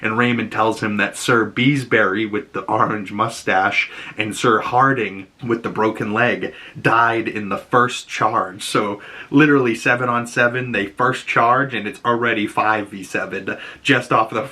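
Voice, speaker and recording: Bright-voiced Boston man recapping casually. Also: lowish voice, measured pace. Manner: animated, acts out characters' lines, casual swearing. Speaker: podcast host.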